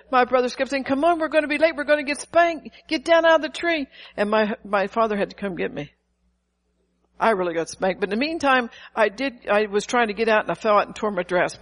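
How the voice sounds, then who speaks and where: Older woman pastor, animated sermon delivery with asides to the congregation. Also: medium pitch, rough recording. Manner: lively preaching with rhetorical questions and acted-out quotes.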